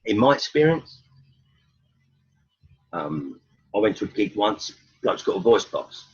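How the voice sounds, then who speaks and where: Very husky man, blunt storyteller. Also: lowish voice, very animated, unhurried. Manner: blunt, rhetorical questions, swearing. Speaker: stand-up comedian. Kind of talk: storytelling in an interview. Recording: dull lo-fi recording.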